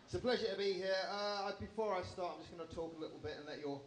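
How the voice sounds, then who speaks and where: Male stand-up, 30s, English accent, dry and self-deprecating, slightly high voice, faint room noise. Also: low-quality recording. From England. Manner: dry, self-deprecating delivery with slow deliberate pacing. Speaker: stand-up comedian. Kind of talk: stand-up comedy set. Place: comedy club stage with a live audience.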